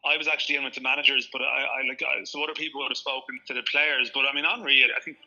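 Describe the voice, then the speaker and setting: Man, journalist, even delivery, bright timbre, slightly muffled recording. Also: mid-range voice, racing. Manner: steady recollection, hedging with fillers. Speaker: football journalist. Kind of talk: recollection in a podcast discussion.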